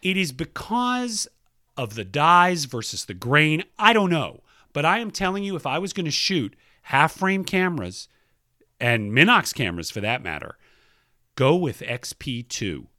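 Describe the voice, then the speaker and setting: A man's voice: on the high side, sing-song, unhurried, sharp tone, dry recording, clean studio sound. A man co-hosting a podcast, reading listener emails aloud in a playful, casual way and laughing often. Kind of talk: casual chat.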